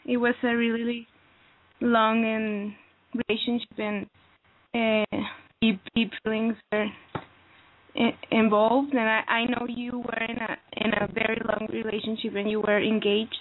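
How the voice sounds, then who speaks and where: A young woman in her twenties from Texas, calling an advice show and talking in a hesitant, halting, slightly teary way. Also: fairly high pitch, flat delivery. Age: 20s. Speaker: caller. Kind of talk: phone call to an advice show. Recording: tinny phone line.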